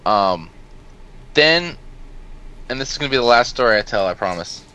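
A man's voice: mid-range voice, expressive, normal speed, bright, forceful tone, clean tone. A man casually telling long, rambling stories on a podcast, swearing freely and laughing at his own anecdotes. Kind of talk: casual storytelling chat. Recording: dull lo-fi sound.

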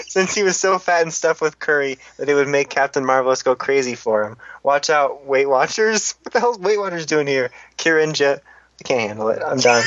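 A man co-hosting a podcast, reading listener comments with quick, exasperated jokes. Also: mid-range voice, expressive, fairly bright tone. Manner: joking, exasperated, quick asides. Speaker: podcast co-host. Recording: dull lo-fi podcast audio.

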